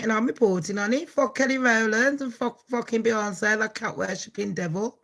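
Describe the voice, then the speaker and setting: A woman's voice: a little high, brisk, few pauses, fairly bright tone. An English woman with a Birmingham accent, hosting a gossip channel, talking in a brash, foul-mouthed way and laughing often. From England. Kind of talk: casual gossip vlog.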